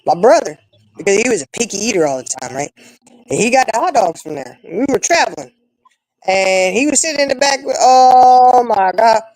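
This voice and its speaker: A woman, telling stories in a relaxed chat among friends. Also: moderate pace, low-quality recording. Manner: chatty storyteller, animated with big swings in pitch. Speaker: co-host. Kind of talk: casual chat.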